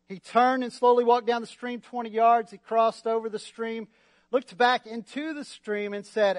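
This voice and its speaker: A male pastor preaches with a bright, high voice, joking and calling for amens from the congregation. The sound is dry and close, with little room echo. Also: moderate pace. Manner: lively, joking, asks the crowd for responses. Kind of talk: sermon. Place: church.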